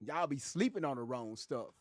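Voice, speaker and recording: A man hosting a casual livestream, reading chat aloud and joking around in a loud, animated way. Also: medium pitch, normal speed, dry recording.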